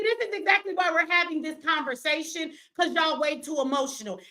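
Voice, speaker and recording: A woman running a live stream, confrontational and profane, swinging between yelling at viewers and slow, emphatic explaining. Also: high-pitched. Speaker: livestreamer answering her chat; business owner.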